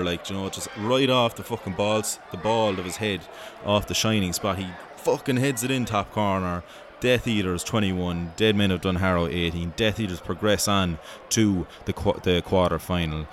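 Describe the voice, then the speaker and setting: Low-voiced Irish man, sweary banter. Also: moderate pace, hardly any pauses, background noise. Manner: profane, joking, rambling banter. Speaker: host. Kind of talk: mock sports commentary.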